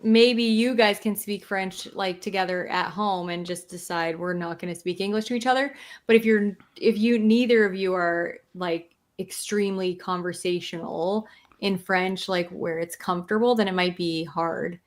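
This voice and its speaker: A woman's voice: lowish voice, moderate pace. A woman co-hosting a podcast in casual chat. She is curious and musing, thinking aloud with many "like" fillers as she asks questions. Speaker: podcast co-host.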